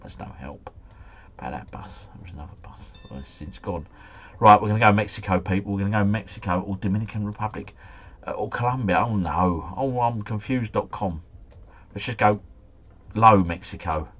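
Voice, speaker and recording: A man streaming a guessing game live, thinking aloud and chatting to viewers, his volume rising and falling with excitement. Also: sits low, husky, highs cut off. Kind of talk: casual live commentary.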